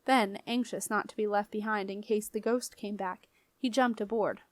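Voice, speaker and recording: A woman reading a children's fantasy novel aloud as an audiobook narrator, in a clear, even storytelling manner. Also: mid-range voice, moderate pace. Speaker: audiobook reader.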